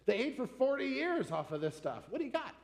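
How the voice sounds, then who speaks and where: A skeptical, demanding crowd presses for more signs, as a preacher puts them on. The voice is high and rings with a long hall reverb. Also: male voice, very animated, brisk, gravelly, full character voice. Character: pushy demanding crowd, male, doubting.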